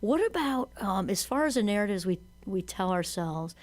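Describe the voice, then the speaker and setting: A woman hosts a relaxed podcast conversation in a chatty, animated way. Her voice sits in a middle register, and she often slips into little acted quotes as she talks. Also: medium pitch, moderate pace. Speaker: podcast host. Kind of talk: casual conversation.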